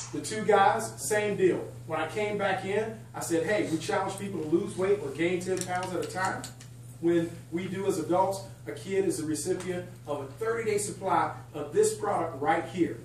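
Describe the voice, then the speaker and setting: An excitable sales trainer gives a lively training talk to a live group in a country club function room, chatty, energetic, and joking with the audience. His voice is high and his speed normal, picked up by a distant mic in an echoey room with a faint hum.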